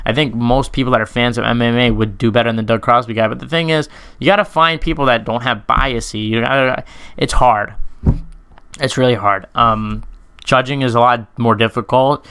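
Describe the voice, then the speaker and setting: A man talks through MMA questions from his audience in loose, rambling speech, swearing freely and filling pauses with "um" and "like." His voice is bright and smooth, and it rings out with clarity. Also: mid-range voice, fairly even intonation. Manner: rambling, profane, frequent fillers and self-corrections. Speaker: YouTube MMA commentator. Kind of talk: casual unscripted Q&A monologue.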